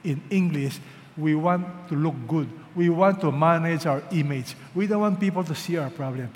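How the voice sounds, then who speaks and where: A man preaching a sermon as pastor, swinging from urgent, loud peaks to hushed lows and asking his listeners questions. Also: moderate pace. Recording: reverberant hall with faint background noise.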